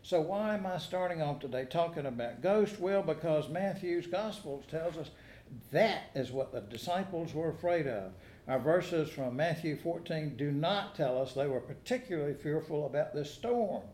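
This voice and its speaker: A man's voice: fairly high pitch, expressive, normal speed, darkish tone, a little hiss or hum. A man preaching a sermon as pastor, telling stories with dry humor and asking the congregation questions. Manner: folksy storytelling with dry humor and rhetorical questions. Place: church sanctuary. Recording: echoey church sanctuary.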